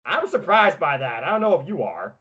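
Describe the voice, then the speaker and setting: A man co-hosting a podcast, recapping wrestling in casual chat with excitable, quick play-by-play. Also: fairly high pitch, dull audio. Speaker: podcast co-host.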